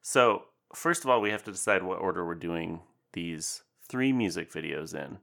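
A man's voice: low voice, expressive, moderate pace, creaky, a bit bright. A young man co-hosting a podcast, chatting casually with a joking, rambling, self-deprecating manner. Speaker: podcast co-host.

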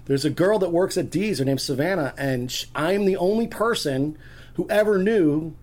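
A man's voice: fairly high pitch, normal speed, darkish tone. A man chatting as a podcast guest, rambling through stories with many restarts. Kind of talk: casual chat.

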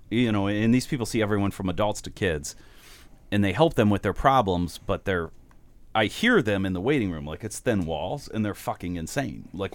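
A man co-hosting a podcast tells a story in a loose, casual way. His pitch swings widely as he talks, and he swears freely. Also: no room sound. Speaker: podcast co-host.

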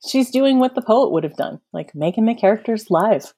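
A woman guest author talking casually on a podcast, effusive and gushing, slowing down to savor her points. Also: fairly high pitch, lively intonation, mellow, slightly rough. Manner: effusive, gushing, slows for emphasis.

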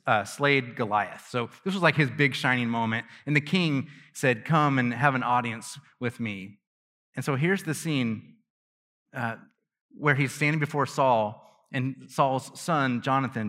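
In a large hall with a long, lingering reverb, a man preaches as a pastor in a slightly bright mid-range voice. He speaks to his congregation loosely and conversationally, making fun of himself, laughing and often restarting a phrase.

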